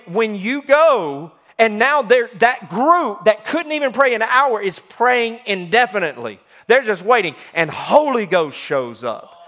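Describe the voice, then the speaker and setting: A man, talking through scripture in an emphatic, folksy, excitable way. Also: high-pitched. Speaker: preacher. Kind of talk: animated scripture talk.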